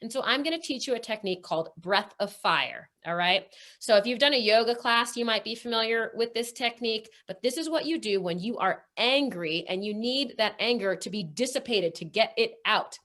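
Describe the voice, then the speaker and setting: A woman guides a breathwork session over a video call. Her voice sits a little high, and she coaches in a calm, encouraging way. She counts breaths aloud and keeps checking in with "okay?". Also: brisk, hardly any pauses. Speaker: breathwork instructor.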